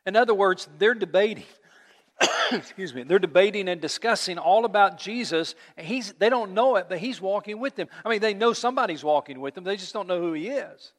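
A man's voice: high voice, lively intonation, fairly quick. A man preaching a sermon in a conversational way, acting out quotes and repeating words. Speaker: pastor. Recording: long hall reverb.

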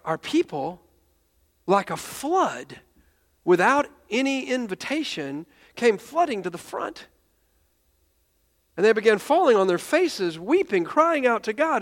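A high-pitched man preaches, earnestly retelling events and slipping into the voices of people in his story. He stammers and restarts as he goes. A long reverb trails his words through the sanctuary. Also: fairly bright tone. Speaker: pastor. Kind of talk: sermon storytelling.

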